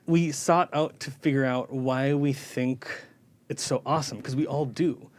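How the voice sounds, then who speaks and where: Relaxed male quartet player hosting a stream. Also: mid-range voice, a little slow. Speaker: string quartet member hosting a livestream. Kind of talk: casual livestream chat.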